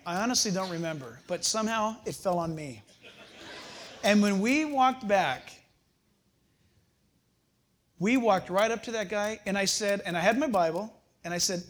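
An older man delivers a sermon in a high voice. He tells stories in an animated way and adds chuckling asides. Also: normal speed, long pauses, a little hiss or hum. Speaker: pastor.

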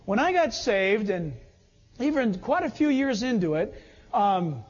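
Animated preacher man in an echoey hall. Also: high voice, measured pace, long pauses, muffled recording. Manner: animated storytelling, often laughing. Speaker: pastor. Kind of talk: sermon.

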